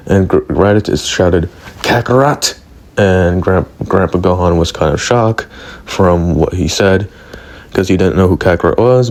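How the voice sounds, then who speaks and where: A man's voice: low voice, a little mellow. A man hosting a fan channel, casually narrating a made-up story and often restarting and hedging as he goes. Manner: rambling, with frequent restarts and hedges like "I'll say".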